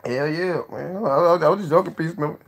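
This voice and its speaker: Gravelly, laughing man giving shout-outs. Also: a little high, brisk, a little hiss or hum. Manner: profane, joking, laughs often. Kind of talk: casual rambling shout-outs to viewers.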